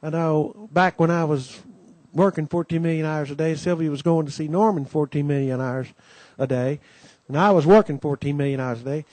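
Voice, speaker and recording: Folksy, homespun preacher man, higher pitched. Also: moderate pace, hardly any pauses, a little mellow, no room sound. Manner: homespun storytelling, many "you know"s, acts out quoted voices. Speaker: conference host giving the welcome. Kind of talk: folksy welcome talk at a Christian conference. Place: conference gathering.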